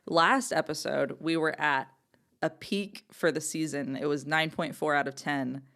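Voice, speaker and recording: Low-pitched giggly woman podcaster. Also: steady tone, measured pace, a bit bright. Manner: chatty, giggly, filler-heavy. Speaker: podcast co-host. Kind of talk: casual podcast chat.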